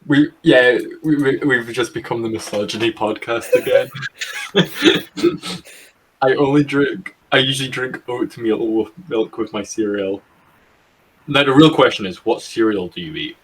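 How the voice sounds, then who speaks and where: A Scottish man co-hosting a casual group podcast, teasing and joking with quick reactions. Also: medium pitch, expressive, slight background noise, low-quality recording. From Scotland. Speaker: podcast co-host.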